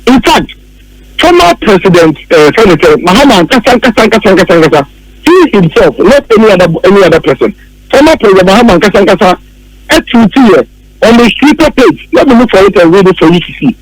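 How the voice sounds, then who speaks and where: A man's voice: sits high, big pitch swings, a little fast, rough recording. A man with a Ghanaian accent, a political commentator on a radio talk show, arguing emphatically and repeating his points.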